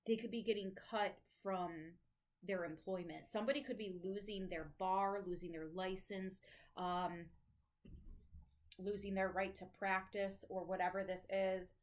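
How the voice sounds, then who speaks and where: A woman's voice: medium pitch, fairly even intonation, measured pace, poor audio. A woman giving a casual tarot reading to camera, chatty and thinking aloud, with the odd swear, at home with her dogs nearby. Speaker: tarot reader.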